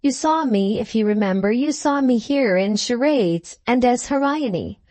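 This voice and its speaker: A woman's voice: on the high side, animated, measured pace, mellow, dry recording. A woman voicing a proud, touchy young woman of twenty-one, poised but a little piqued, in a storybook reading. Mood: poised anxious.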